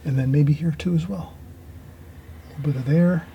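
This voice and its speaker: A man teaching a watercolour painting demonstration, talking gently as he paints and trailing off into quiet asides. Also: on the high side, normal speed, creaky, muffled recording, a little hiss or hum.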